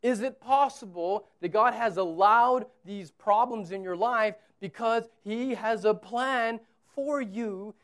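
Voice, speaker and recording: A high-pitched man in his thirties preaches a sermon as a pastor. His style is conversational, shifting between quiet asides and loud, emphatic repetition.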